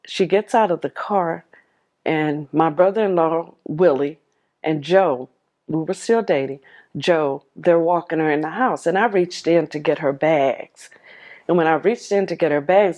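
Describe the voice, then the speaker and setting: A woman's voice: sits low, a little slow, darkish tone. A woman telling her life story to the camera, heartfelt and vivid, replaying old conversations as dialogue. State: tearful at moments.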